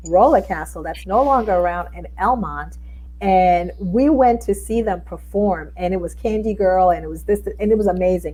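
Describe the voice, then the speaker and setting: A middle-aged woman, a guest telling stories in a casual interview chat, animated and acting out the people she quotes. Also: medium pitch, rough recording. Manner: animated storyteller, acts out quotes.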